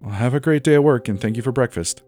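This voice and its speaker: A man's voice: mid-range voice, fast, mellow, pitched above the performer's own voice, close to an everyday voice. A man voicing a nervous young woman. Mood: wry. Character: anxious young woman homeowner, curious and stubborn.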